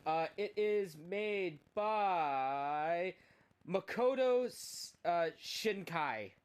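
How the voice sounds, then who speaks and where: A man co-hosting a casual podcast, recapping a movie in an excitable, rambling way. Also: high-pitched, drawn-out words, smooth. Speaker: podcast co-host. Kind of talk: casual chat.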